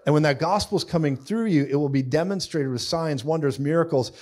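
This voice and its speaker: A man's voice: on the high side, brisk, a little mellow. A man preaching a live sermon in a conversational style, with frequent asides and quoted voices.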